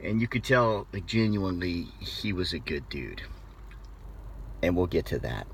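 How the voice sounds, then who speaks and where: An American man telling a personal story in a casual, animated way, often restarting his phrases. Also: sits low, measured pace, gravelly, slight background noise. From United States. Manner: animated, conversational, with frequent restarts. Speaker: motivational speaker.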